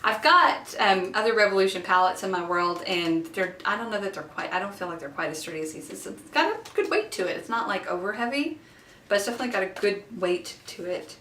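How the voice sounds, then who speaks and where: A woman in her thirties who has children, excitedly unboxing makeup in a casual vlog recorded in her bathroom, gushing with lots of fillers. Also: mid-range voice, a little fast, slight background noise. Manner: giddy and gushing, with many fillers. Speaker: beauty vlogger. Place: home bathroom. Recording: echoey bathroom, mic a bit far off.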